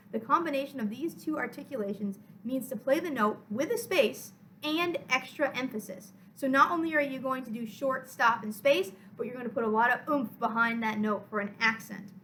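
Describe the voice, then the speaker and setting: A woman orchestra teacher explaining music step by step in a clear, encouraging way for a recorded lesson. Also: high-pitched, sharp tone, a little hiss or hum, poor audio.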